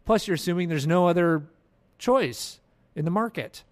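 A man hosting a casual podcast chat, animated and quick to laugh. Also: sits high. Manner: animated, quick to laugh and jump into put-on voices. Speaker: podcast host.

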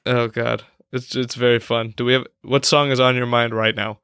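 A man hosting a casual podcast, teasing his co-hosts in a quick, playful way. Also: mid-range voice, level tone, fairly bright tone, clean tone, no echo, clean studio sound. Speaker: podcast host. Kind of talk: casual chat.

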